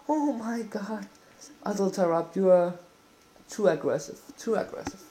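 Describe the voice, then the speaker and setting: Man, gameplay commentary, excitable, cursing at the screen, slow and drawn-out delivery, desk mic. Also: high-pitched. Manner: excitable, exclaiming and swearing at the game. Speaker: gamer playing a football video game.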